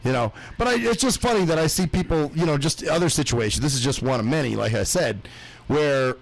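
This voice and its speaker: A man's voice: fairly high pitch, expressive, brisk, gravelly, poor audio. A man in casual chat who stammers through restarts, swears freely and talks in a hesitant way. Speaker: guest recounting a run-in.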